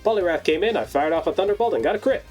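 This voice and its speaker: A fairly high-voiced man rattles through a scripted game recap at speed. His pitch swings widely as he adds sarcastic, wry asides. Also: expressive, very fast, darkish tone. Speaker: video host. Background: faint background music.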